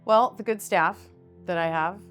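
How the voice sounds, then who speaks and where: A low-voiced business owner chats about her company as a guest in a relaxed interview, speaking unhurriedly. She's frank and animated, sprinkling in casual fillers, while faint music plays underneath.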